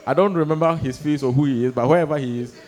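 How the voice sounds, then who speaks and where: A young man doing stand-up storytelling on stage, animated, acting out voices and laughing through his lines. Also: a little high, fast. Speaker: stand-up comedian. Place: comedy stage before a live audience.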